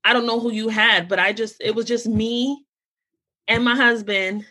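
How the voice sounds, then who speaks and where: A young adult American woman hosting a podcast, talking casually and telling stories in an animated way. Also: a little high, moderate pace. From United States. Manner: animated storytelling, quotes relatives in lively voices. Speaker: podcast host. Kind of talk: casual conversation.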